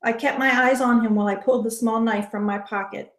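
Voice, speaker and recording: A woman author reading her first-person novel aloud in soft, measured narration. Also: fairly high pitch, steady tone. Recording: roomy echo.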